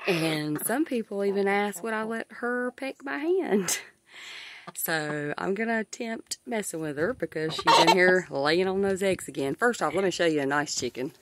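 A woman keeping backyard chickens, chatting to viewers on her phone camera and gasping nervous exclamations as her hen pecks. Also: fairly low pitch. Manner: excitable, frequent nervous exclamations. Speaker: backyard chicken keeper filming her hens. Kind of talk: casual vlog chat to viewers. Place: chicken coop with hens. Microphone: phone camera held by hand. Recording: noisy phone audio with clucking hens. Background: clucking chickens.

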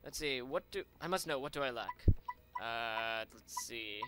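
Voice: medium pitch, animated, measured pace, noisy background. A let's play narrator chatting casually over gameplay in a playful, chatty way. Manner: chatty, playful, reads dialogue aloud with voices.

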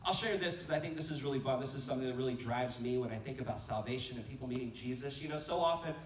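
Echoey preacher telling stories. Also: male voice, mid-range voice, rapid-fire. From United States. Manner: storytelling, animated quotes, laughing asides. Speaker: pastor. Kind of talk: conference sermon. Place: church sanctuary. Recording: echoey church hall from far off, faint noise.

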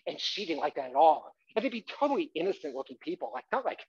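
A man's voice: a little high, fast, slightly rough. A man performing a playful comic autobiographical monologue on a theatre stage, coaxing the audience to join in, in a dull lo-fi live recording. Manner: animated, playful, bursts into loud shouts.

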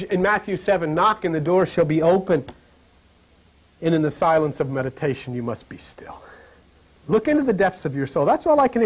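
High-voiced man rambling through spiritual talk. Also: husky. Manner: animated storyteller, laughs through his stories; drops to a hushed, low, slow voice on spiritual lines. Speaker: host of a spiritual talk program.

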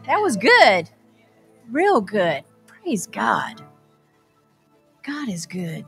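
A woman with a fairly high voice closes out a church service. She speaks slowly, offering praise and thanks to the preacher and to viewers. Soft music plays behind her. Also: very animated, creaky. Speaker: church host closing the service. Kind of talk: closing remarks of a service.

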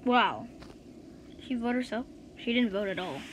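Woman, gaming host, unhurried talk, chatty reactions, steady background noise. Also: on the high side. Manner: chatty, reacting out loud to each round. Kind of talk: casual gameplay commentary. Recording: noisy home recording.

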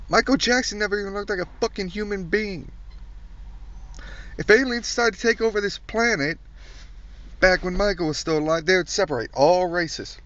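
A man's voice: sits high, a bit bright. A man doing a profane comedic rant, blunt, crude and mocking. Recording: distant dull recording.

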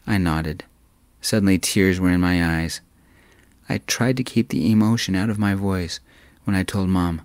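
Soft-spoken man with a low voice. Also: normal speed, no echo. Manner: calm, even, soft-spoken. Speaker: storyteller. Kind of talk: soft-spoken story narration.

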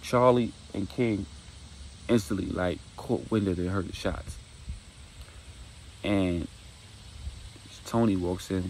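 A man's voice: sits low, takes it slowly, pauses often, a little mellow, slight background noise, rough recording. A man casually retelling a dramatic story, acting out dialogue and making sound effects.

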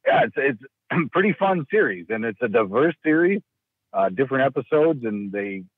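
A man's voice: medium pitch, big pitch swings, moderate pace, no room sound. A man from Minnesota, a guest in a casual interview, hesitant with many restarts and fillers. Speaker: guest, county rural initiative coordinator. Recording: tinny phone-like line.

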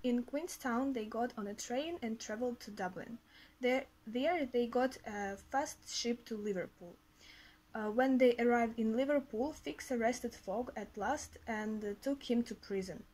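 A woman reading a story aloud briskly, with occasional fillers. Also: a little high, a little mellow, husky, low-quality recording. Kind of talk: reading a graded reader aloud.

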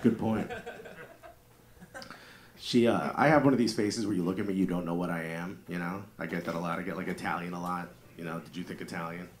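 A man's voice: sits low, steady tone, a little fast. A man in his thirties with a New Jersey accent, doing a brash, profane stand-up set and riffing with the crowd in a live comedy club. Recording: live club audio with loud crowd laughter. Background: crowd laughing.

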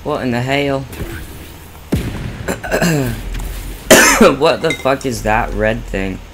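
A young man streaming a video game, reacting with excited exclamations and swearing in casual chatter. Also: mid-range voice, extremely slow, very noisy.

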